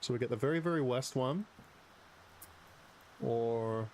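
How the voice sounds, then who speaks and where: A man's voice: medium pitch, measured pace, a little mellow, a little hiss or hum. A man live streaming, casually telling a story while gaming, rambling and swearing a lot.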